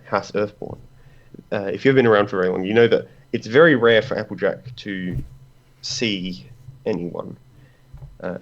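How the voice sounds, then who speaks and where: A man narrating as game master of a tabletop game, halting and full of pauses. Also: fairly low pitch, vocal fry. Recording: dull lo-fi recording.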